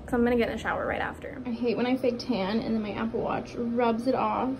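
Brief: young woman, fairly high voice, chatty home vlogger, noisy camera audio. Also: fairly even intonation, quick pace. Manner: chatty, filler-heavy. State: out of breath. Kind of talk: casual vlog chat. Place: at home in an apartment. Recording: home camera audio with clear background noise.

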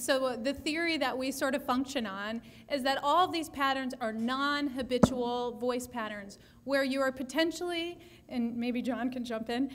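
A woman, a speech-language pathologist, answering audience questions at a breakout session in an explanatory, measured way, often restarting her sentences. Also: high voice.

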